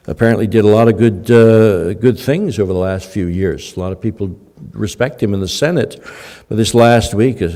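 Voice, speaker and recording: Low-voiced older pastor in a reverberant hall. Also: male voice, mellow. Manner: conversational, many fillers and restarts. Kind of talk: sermon. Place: church hall.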